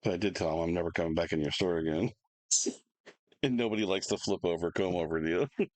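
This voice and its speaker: Lower-voiced man telling a rambling story. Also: fast talker, no echo, poor audio. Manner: rambling, animated storyteller with laughs and restarts. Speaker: podcast co-host. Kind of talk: casual storytelling chat.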